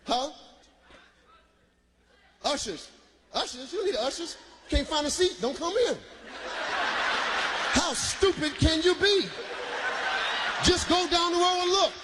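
A man doing a stand-up routine, working the crowd loudly with shouts and laughter. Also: extremely high pitch, takes it slowly, pauses often. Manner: loud, animated, bursts of shouting and laughter. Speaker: stand-up comedian. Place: live comedy venue. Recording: live crowd and room noise.

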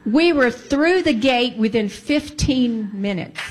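A woman's voice: fairly high pitch, lively intonation, slow. A woman telling a personal story in a casual way, emphatic and repeating phrases for emphasis.

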